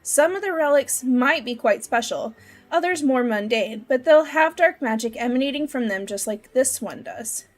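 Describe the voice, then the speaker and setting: Wise old wizard guy in a game, read out by a woman, high voice, just reading the lines plainly. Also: animated, moderate pace, faint music behind. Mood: earnest. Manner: reading game dialogue aloud.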